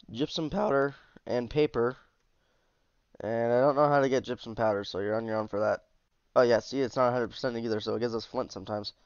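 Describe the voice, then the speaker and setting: A man's voice: mid-range voice, darkish tone, clear, resonant tone, dry recording, highs cut off. A man casually commenting as he shows off a game mod, easygoing and chatty, sounding tired. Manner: chatty, easygoing, with asides and trailing off. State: tired, yawning. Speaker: mod reviewer.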